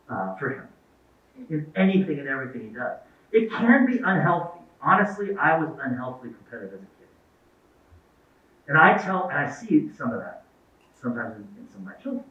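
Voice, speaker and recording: A man's voice: fairly high pitch, big pitch swings, normal speed, long pauses. A middle-aged man giving a talk to parents, telling anecdotes and acting out the dialogue in them. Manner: storytelling, acts out quoted dialogue. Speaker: guest speaker. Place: event hall. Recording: echoey, distant, phone-like lo-fi sound.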